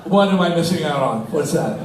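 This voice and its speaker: A man in his sixties telling stories on stage as a guest, animated and swearing freely, laughing as he talks. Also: on the high side, brisk. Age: 60s. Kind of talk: profane live storytelling. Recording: echoey, distant live-room sound with faint noise.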